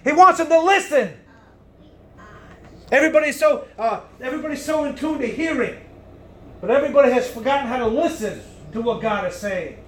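Loud, high-voiced man preaching a sermon. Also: fast. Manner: loud, emphatic, swings between booming and hushed.

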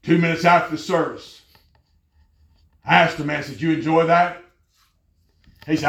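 A man preaching a fervent sermon, telling stories and rising to loud exclamations. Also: on the high side, fairly even intonation, normal speed, roomy sound.

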